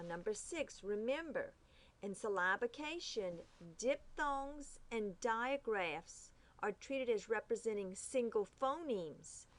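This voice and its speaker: A woman teaching phonics rules, reading each rule slowly and carefully, sounding out the letters. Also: mid-range voice. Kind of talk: phonics lesson.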